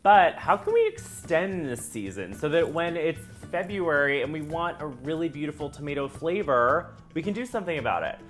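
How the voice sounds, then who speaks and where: A man's voice: on the high side, big pitch swings, moderate pace, hardly any pauses, a bit bright, faint music behind. Upbeat, chatty man hosting a cooking tutorial. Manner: upbeat and chatty, talking straight to viewers. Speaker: cooking video host.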